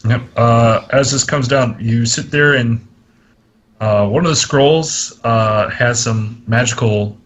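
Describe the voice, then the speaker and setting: A man's voice: mid-range voice, slow pace, fairly bright tone. A man running a tabletop game as game master, narrating casually with jokes. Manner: casual, joking, laughs at the table.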